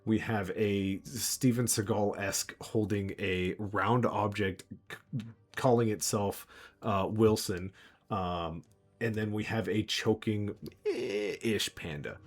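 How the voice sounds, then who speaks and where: A man narrates a tabletop game as game master. His voice sits a little low, and his delivery is playful and loose, with frequent laughs. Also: fairly even intonation, slow.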